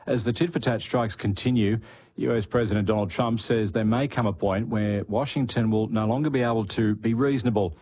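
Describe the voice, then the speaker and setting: Man, news presenter, lowish husky voice, steady scripted delivery. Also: brisk.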